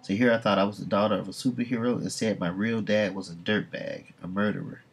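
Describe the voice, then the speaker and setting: A man reading the lines of a young half-alien woman, low and matter-of-fact. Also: steady tone, fast talker, creaky, breathy edge. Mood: bitter.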